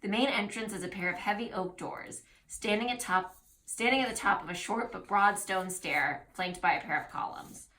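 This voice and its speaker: A woman's voice: mid-range voice, moderate pace, pushed and bright. A woman acting as game master, reading a gamebook aloud to her players with casual asides.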